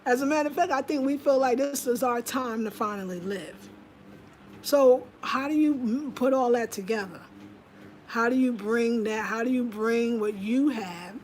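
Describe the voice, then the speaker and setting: American lady vlogging from home, chatty, faint hiss behind her, talks in a higher voice. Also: normal speed, a little mellow. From United States. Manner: chatty, emphatic, slips into voices to quote people. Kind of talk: casual monologue.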